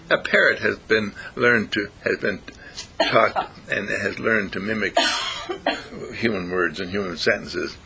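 A man telling rambling, playful stories in a casual talk, clearing his throat often. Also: on the low side, sharp tone. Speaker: speaker.

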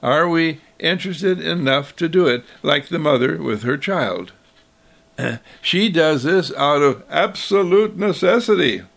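Gravelly man telling a parable. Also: a little high, expressive, unhurried, a bit bright. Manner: storytelling, acting out voices. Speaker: speaker. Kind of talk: sermon-like talk.

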